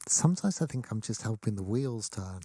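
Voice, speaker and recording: A woman's voice: rumbling low, expressive, brisk, warm tone, no echo. A woman co-hosting a podcast in casual talk, wry and chatty, often interjecting. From Britain. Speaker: podcast co-host.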